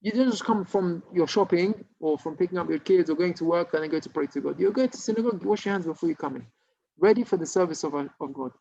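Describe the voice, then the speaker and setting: A man's voice: high-pitched, quick pace, vocal fry, warm tone. A man, a rabbi, telling a story in an informal Torah class, with many restarts and Hebrew terms. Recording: dull lo-fi recording.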